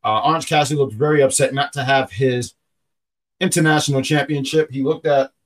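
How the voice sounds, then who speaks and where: A man's voice: mid-range voice, fairly even intonation, fairly quick. A man hosting a podcast in casual, rambling chat, often stopping to correct himself. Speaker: podcast host.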